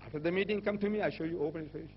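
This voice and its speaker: A man giving a public religious lecture as a Muslim speaker, rhetorical and animated, firing questions at his audience. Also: a little high, very fast. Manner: rhetorical, animated, with repeated questions and mocking quoted voices. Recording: dull lo-fi recording with faint hum.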